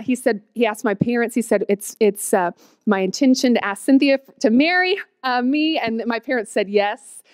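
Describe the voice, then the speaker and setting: Woman, 30s, lively testimony storyteller, higher voice, dry close sound. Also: clear, resonant tone, no echo. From Oklahoma, USA. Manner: animated storytelling, quotes herself with squeals and laughs. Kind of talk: personal testimony.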